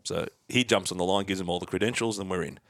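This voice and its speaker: A man's voice: low-pitched, fast talker, dry recording. A man co-hosting a podcast on a headset, telling anecdotes with dry, teasing remarks. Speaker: podcast co-host.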